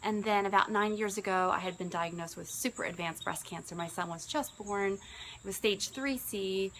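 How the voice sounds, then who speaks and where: A woman in her early forties, a business coach, shares her own story in an earnest, conversational manner, her voice rising when she quotes herself. Her medium-pitched voice is a bit bright and moves at a moderate pace, but the audio is poor, with a little hiss or hum.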